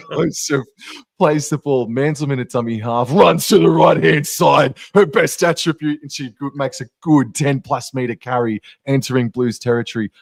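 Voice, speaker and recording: Australian male co-commentator, mid-pitched, casual slangy banter, dry close sound. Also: fairly even intonation, moderate pace, gravelly, dry recording. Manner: casual and chatty, slang like "bro" and "mate". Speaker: sports co-commentator. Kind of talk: live sports commentary.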